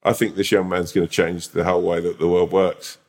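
Very deep-voiced playful man telling a tale. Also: level tone, fairly quick, a little mellow. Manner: playful, rambling. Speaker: podcast co-host. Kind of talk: improvised storytelling.

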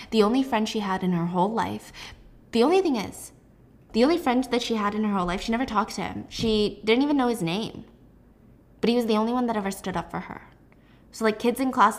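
A young woman casually recapping a novel in a gossipy, animated way, full of fillers like "like". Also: medium pitch. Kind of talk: casual chatty book recap.

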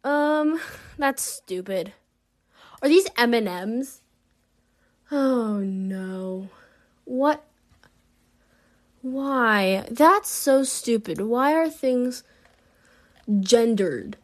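Slow, incredulous young woman vlogging. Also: fairly high pitch, expressive. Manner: rambling, incredulous, laughs often, many fillers. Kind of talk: casual unscripted commentary.

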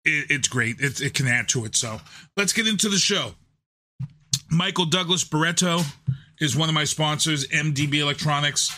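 A man's voice: on the high side, moderate pace, pushed and bright. A man hosting his live podcast in a home studio on a desk microphone, chatty and loose, often repeating himself. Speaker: podcast host. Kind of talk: casual live show talk. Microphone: desk USB microphone.

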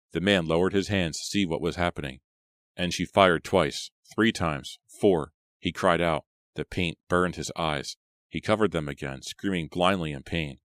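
A man reading a horror audiobook in a steady, measured storytelling manner. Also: low voice, no echo, studio quality. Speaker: audiobook reader. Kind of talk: scripted horror audiobook narration.

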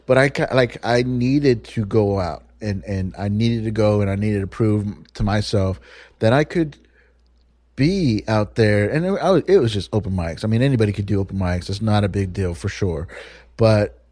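This male podcast host talks alone in a loose, unfiltered ramble, cursing without hesitation. He speaks at a moderate pace in a lowish, darkish voice, captured as clean studio sound with no room sound.

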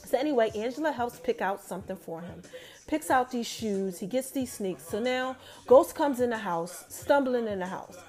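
A young adult woman casually recapping a TV episode, telling it in an animated way and talking straight to her viewers. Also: fairly high pitch, normal speed, soft background music.

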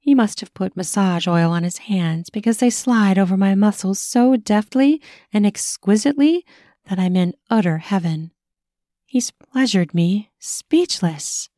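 Woman reading a first-person erotic story, slow and sensual, dry close mic. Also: medium pitch, mellow, no echo. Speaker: narrator.

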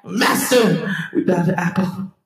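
A woman's voice: mid-range voice, lively intonation, slow, darkish tone. A woman singing a mocking comedic parody song over a backing track. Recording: echoey song clip with music behind. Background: music.

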